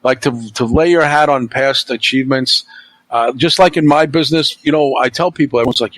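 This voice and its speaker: A man's voice: mid-range voice, fairly quick, fairly bright tone, no room sound, rough recording. A middle-aged man hosting a podcast in casual chat, blunt and opinionated, swearing freely. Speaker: podcast host.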